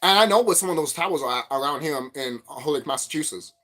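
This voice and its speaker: A man vlogging as a spiritual commentator, telling stories in a rambling, profane, animated way. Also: a little high, fast. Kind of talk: rambling casual monologue.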